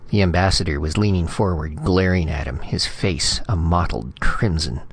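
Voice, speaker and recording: A man narrating a science fiction story in a steady, measured reading. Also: low-pitched, breathy edge. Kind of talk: scripted audiobook narration.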